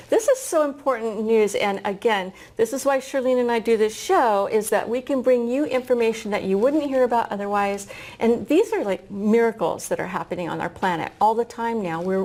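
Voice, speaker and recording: A woman's voice: medium pitch, darkish tone, low-quality recording. A woman hosting a talk show, speaking in an enthusiastic, effusive way.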